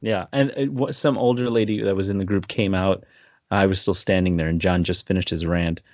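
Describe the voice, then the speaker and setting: Deep-voiced and fairly quick, a podcast co-host recounts a story in casual conversation, animated and laughing as he acts out what people said. The audio is dry and dull.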